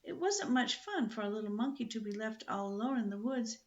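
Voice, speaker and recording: An older woman reading a children's book aloud in a lively, expressive storytelling manner. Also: fairly high pitch, a little fast, highs cut off.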